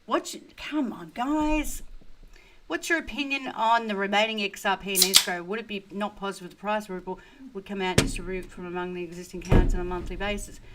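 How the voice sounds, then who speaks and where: Tired, thirsty and sipping beer, an older woman runs a relaxed crypto livestream, answering viewer questions bluntly and peppering her talk with "right?" and "you know". Her medium-pitched voice is brisk and fairly even, with background noise present.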